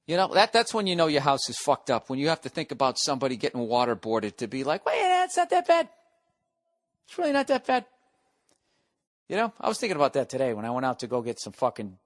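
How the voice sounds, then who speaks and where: A man's voice: medium pitch, fairly bright tone, no room sound. Profane ranting man, close and dry. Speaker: podcast host. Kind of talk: solo ranting monologue. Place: at home.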